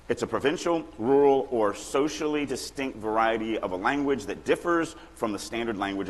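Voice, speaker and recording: A middle-aged man from Louisiana giving a lively, joking lecture on writing at a conference, acting out little examples as he goes. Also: medium pitch, husky. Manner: animated, joking, acts out examples. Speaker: writing workshop speaker. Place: large conference hall. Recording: long hall reverb.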